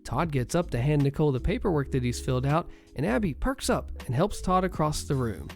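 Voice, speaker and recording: A man narrating a first-person story in a steady retelling manner. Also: fairly high pitch, fairly quick, creaky, soft background music.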